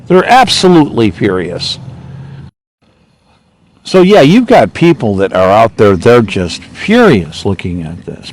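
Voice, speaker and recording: A man's voice: medium pitch, big pitch swings, a little slow, a little mellow, dry recording, low-quality recording. A man speaking as a political candidate in a rambling, off-the-cuff monologue, repeating himself and growing indignant.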